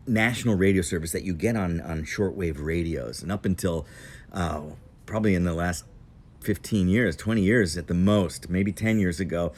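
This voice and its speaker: A man's voice: low-pitched, darkish tone. A man telling a casual, meandering travel story on an outdoor patio. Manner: meandering, digressive, unhurried.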